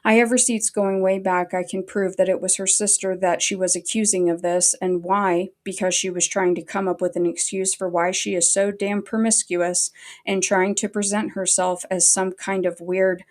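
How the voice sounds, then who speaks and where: A woman's voice: medium pitch, level tone, moderate pace. A woman ranting angrily on a livestream, swearing heavily as she talks. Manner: angry, heavily profane. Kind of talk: livestream rant.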